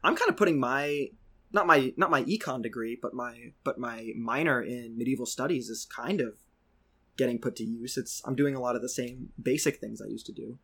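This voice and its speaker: A young American man on a podcast, talking in an easy, rambling way with a middle-pitched voice. He trails into anecdotes, then settles into a patient, step-by-step explanation. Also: normal speed. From United States. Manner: relaxed storytelling, many restarts, slips into lecture mode. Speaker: podcast co-host. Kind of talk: casual podcast chat and explaining.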